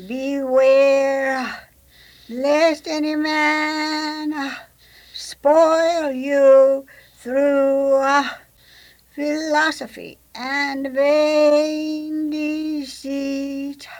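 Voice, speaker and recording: A woman's voice: high voice, flat delivery, drawn-out words, low-quality recording. A woman playing a Quaker woman preacher, intoning her message in a trembling, sing-song chant. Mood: solemn.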